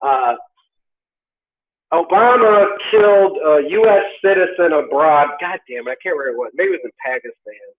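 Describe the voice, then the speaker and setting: A man's voice: fairly high pitch, animated, moderate pace. A man co-hosting a podcast, ranting casually and profanely about politics and acting out quoted voices. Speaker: podcast co-host. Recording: tinny phone-like sound.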